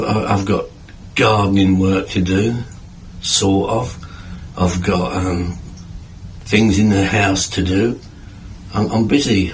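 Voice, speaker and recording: A man in a garden shed chatting casually to camera with dry, deadpan humor, rambling and repeating his words. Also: low-pitched, a little hiss or hum, rough recording. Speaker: video creator.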